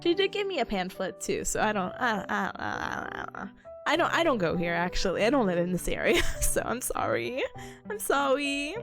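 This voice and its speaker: A young woman chatting casually on a stream, sick with a nasal, hoarse voice, giggly and rambling. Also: medium pitch, sing-song, fairly quick, music in the background.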